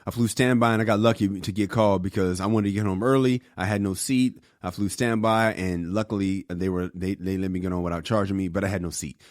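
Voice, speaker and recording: A man co-hosting a podcast, telling stories in a casual, animated way and acting out the voices of the people in them. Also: sits low, fast, hardly any pauses, dry recording, studio quality. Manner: animated storyteller, acts out voices. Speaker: podcast co-host and comedian. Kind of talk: casual storytelling chat.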